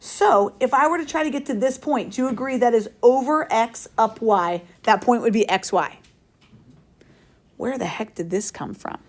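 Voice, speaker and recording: A high school math teacher with a voice on the high side leads a classroom lecture at normal speed. She's upbeat and playful, often tossing questions to the class.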